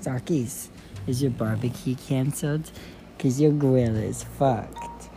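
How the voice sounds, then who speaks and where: A woman's voice: extremely low pitch, takes it slowly, music in the background. A woman hosting a playful comedy vlog, teasing her dog and talking to it like a baby.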